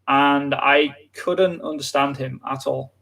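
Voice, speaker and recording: A man's voice: mid-range voice, steady tone, takes it slowly, creaky, fairly bright tone. A man from England, chatting casually on a live lesson and filling his talk with "like". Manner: casual, lots of filler "like". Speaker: English teacher.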